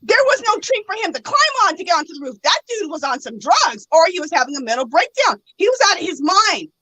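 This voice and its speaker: A woman telling a story in casual chat, animated and laughing often, acting out the other people's lines. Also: very high voice, fast talker, no echo, poor audio. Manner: animated, laughs often, acts out quoted voices.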